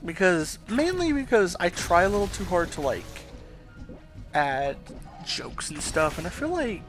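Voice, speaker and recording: Calm, gravelly-voiced gaming commentator. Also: male voice, sits high, measured pace. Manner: calm, soft-spoken, rambling. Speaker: let's play commentator. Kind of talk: casual game commentary. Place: home at night. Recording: with game music behind.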